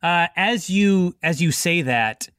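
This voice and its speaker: Rambling game master with a high voice. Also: male voice, lively intonation, slow, fairly bright tone, clean tone, dry recording, studio quality. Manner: loose, rambling narration full of fillers. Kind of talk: narrating a tabletop game.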